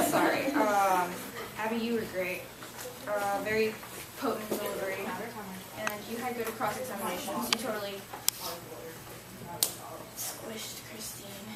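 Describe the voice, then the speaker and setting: A woman's voice: medium pitch, slow pace, long pauses. Bubbly female student, distant and noisy. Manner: bubbly, hesitant, many ums. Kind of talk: peer feedback. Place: classroom. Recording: echoey, distant, very noisy classroom recording.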